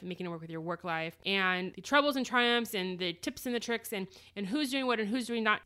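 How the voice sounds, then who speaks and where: Bright-voiced chatty woman podcaster. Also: medium pitch, clean tone. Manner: chatty, rambling with restarts and quoted dialogue. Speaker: podcast host. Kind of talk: casual solo podcast monologue.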